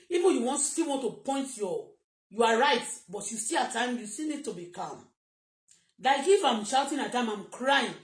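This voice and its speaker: A Nigerian woman vents on a live stream in a mid-range voice, agitated, rambling and repetitive, occasionally breaking into Yoruba. It's an emotional monologue recorded on a phone in an echoey room.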